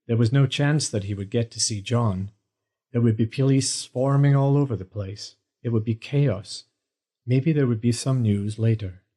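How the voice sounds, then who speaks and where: A man reads a romance novel aloud in a steady, storytelling way. His voice is mellow and warm, with a medium pitch. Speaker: audiobook narrator. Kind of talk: scripted narration.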